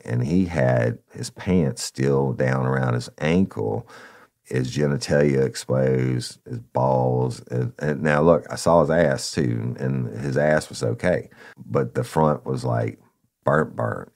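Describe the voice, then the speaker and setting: A man casually telling a story from his police days, acting out the people involved and often saying "y'all". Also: a bass voice. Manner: animated retelling, acts out voices, says "y'all". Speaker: podcast host, former police officer.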